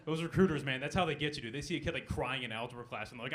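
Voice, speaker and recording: On a club stage, a young man races through a stand-up set in a mid-range voice, firing off deadpan punchlines and bantering with the crowd.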